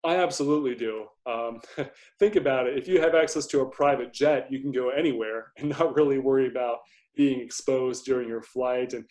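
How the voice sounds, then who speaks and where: A man speaks as a guest in a conversational interview, with a mid-range voice that sits in the middle for a man. He explains things in a measured way and often restarts on a repeated word as he lays out his reasoning. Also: mid-range voice, a little mellow. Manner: measured, explanatory, repeats words when starting. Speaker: guest investor.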